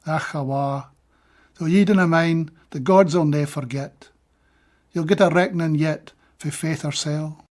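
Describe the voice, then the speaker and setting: A Scottish man giving a measured, deliberate poetry reading of his own translations, with brief plain-spoken asides between poems. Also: a little high, steady tone, a little mellow.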